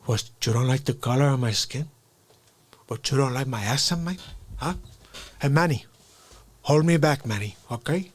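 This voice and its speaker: A man's voice: mid-range voice, moderate pace, pauses often, a little hiss or hum, lightly acted. A man doing an impression of a hot-tempered middle-aged gangster, blustering and confrontational. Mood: angry.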